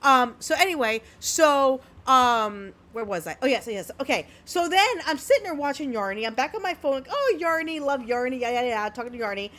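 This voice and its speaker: A woman's voice: sits high, expressive, a little fast, hardly any pauses, fairly bright tone. A young adult woman co-hosting a casual podcast chat, telling a brash story and swearing freely. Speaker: podcast co-host.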